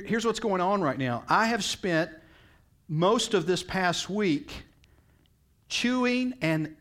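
A man's voice: sits high, fairly bright tone. A middle-aged male pastor preaching a sermon in a storytelling way, his voice jumping up when he quotes people.

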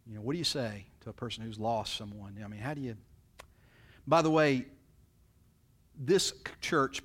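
This sermon comes from a pastor with an easygoing, folksy manner who talks conversationally. When he voices what people say, he acts it out with swings in pitch and loudness.

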